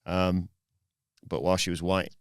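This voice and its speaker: A man's voice: deep voice, little pitch movement, measured pace, clear, resonant tone, dry recording, clean studio sound. A man co-hosting a podcast, reading out a recap with plenty of ums and uhs. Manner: reads recap with fillers, um and uh. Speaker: podcast co-host.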